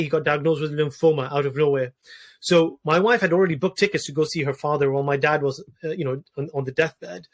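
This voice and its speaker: A man's voice: fairly high pitch, a bit bright. A man in his thirties talking earnestly about personal grief in a conversation, often restarting and repeating words. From Wales. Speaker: podcast guest, doctor.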